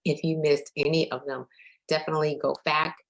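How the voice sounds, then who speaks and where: A woman's voice: low-pitched, little pitch movement, a little fast, poor audio. A woman faith coach leading a live-streamed daily prayer, speaking conversationally, welcoming listeners and repeating her invitations, with some fillers. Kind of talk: live-streamed devotional talk.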